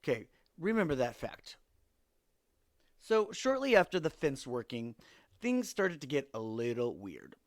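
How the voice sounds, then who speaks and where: This time the Seattle-area podcaster speaks at a medium pitch, a little slowly, with huge pitch swings as he recounts neighbor stories. He stays wry and fed up, voicing their lines himself in a relaxed storytelling style.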